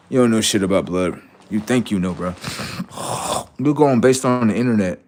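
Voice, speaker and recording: A man's voice: lowish voice, normal speed, long pauses, darkish tone. A man hosting a livestream, talking in heated banter with a mocking, argumentative, slang-heavy manner and heavy swearing. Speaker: livestream host.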